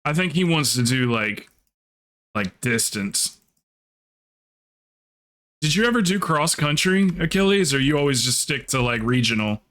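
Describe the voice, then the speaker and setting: Man, casual streamer, mid-pitched, meandering and chatty. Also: animated, measured pace, pauses often, fairly bright tone. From Southern United States. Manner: rambling storyteller, lots of "like" and restarts. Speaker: streamer and group leader. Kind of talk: casual chat during gameplay.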